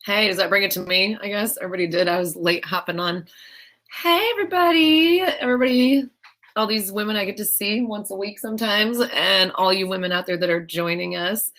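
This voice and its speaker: A woman gives a rambling introduction on a video call panel. Her voice sounds bright and forward. She moves between thoughts with plenty of fillers. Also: mid-range voice, fairly quick. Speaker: panelist, cannabis activist.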